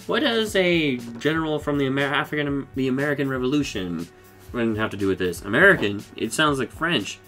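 A man giving a casual, rambling recap of a cartoon episode, excitable and full of swearing and fillers. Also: medium pitch, a little fast, faint music behind. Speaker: show reviewer.

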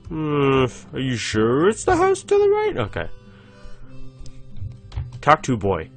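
A man's voice: mid-range voice, wildly swooping pitch, takes it slowly, long pauses, faint music behind. Giggly young man narrating a game. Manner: rambling, giggly, reads game text aloud. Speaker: gaming channel host. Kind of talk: casual let's-play commentary.

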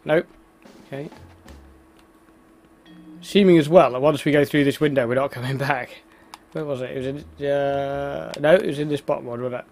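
A man's voice: mid-range voice, steady tone, normal speed, pauses often, darkish tone. A man giving casual, self-mocking commentary while playing a video game. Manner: chatty, exclaims at the game, laughs at himself. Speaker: let's play host.

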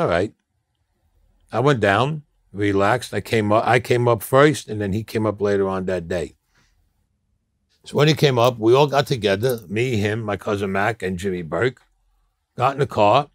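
A man tells a long story in a blunt, streetwise way at a middling pitch. The sound is dry and close. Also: no echo. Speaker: interview guest. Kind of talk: storytelling interview.

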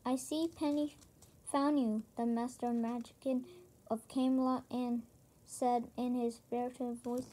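A woman reading a children's chapter book aloud, halting, with frequent slips and restarts. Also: high voice, mellow. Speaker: reader.

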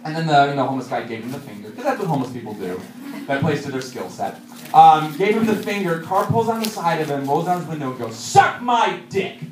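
A man doing a stand-up set, telling self-mocking stories with lively shouted punchlines before a live audience. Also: fairly high pitch, fast, slight background noise. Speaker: stand-up comedian. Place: comedy club stage with audience. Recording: roomy, distant live club recording.

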